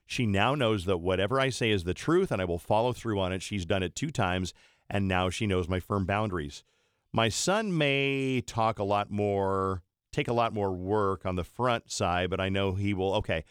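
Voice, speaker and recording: A man's voice: lowish voice, normal speed, clean tone, dry recording, studio quality. A middle-aged man, hosting a radio talk show and telling stories in a blunt, opinionated way.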